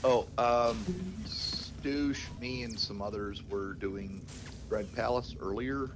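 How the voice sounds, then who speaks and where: A man's voice: lowish voice, steady tone, slow. A man chatting hesitantly with many fillers while organizing a group in a gaming voice chat. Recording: noisy game voice chat.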